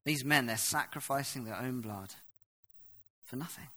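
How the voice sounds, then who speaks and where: A man preaching a sermon, reading scripture aloud and explaining it, swinging from hushed to loud. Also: medium pitch, normal speed.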